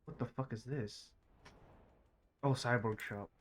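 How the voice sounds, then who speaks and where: A man streaming a game live, muttering to himself and swearing in frustration, his throat scratchy and often cleared. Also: medium pitch, measured pace. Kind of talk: live gaming stream commentary.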